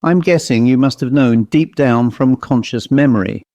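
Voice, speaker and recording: A man's voice: mid-range voice, moderate pace, mellow, dry recording, natural voice. A man playing a rotund village constable, provincial English accent, polite, inquisitive, dry recording. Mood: uneasy. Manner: polite, inquisitive, increasingly uneasy. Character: rotund mid-thirties village police constable, proud.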